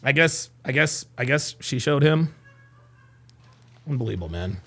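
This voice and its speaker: A man's voice: medium pitch, expressive, a little slow, vocal fry, pushed and bright. A man hosting a live stream, reacting to clips with exasperated, profane commentary.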